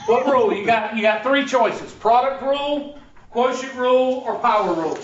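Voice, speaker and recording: A high-pitched man with a drawl teaches a math class, cracking jokes and firing questions at his students. He is picked up from across an echoey classroom, and the sound is muffled with a faint hiss. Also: moderate pace, recorded from a distance. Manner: joking, teasing, quizzes the class. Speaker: math instructor. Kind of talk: classroom lecture.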